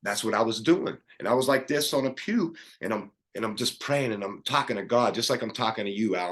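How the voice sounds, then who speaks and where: A man's voice: fairly low pitch, fairly quick, few pauses. Earnest man telling his life story. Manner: earnest, animated storytelling with many restarts. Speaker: podcast guest. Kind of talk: personal storytelling.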